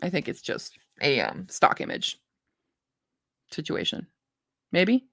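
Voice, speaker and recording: A woman's voice: deep voice, takes it slowly, creaky, no echo, studio quality. A tired woman chatting casually on a live stream about books she might read. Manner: chatty, animated, talks to her puppy in a soft baby voice. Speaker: book reviewer streaming live.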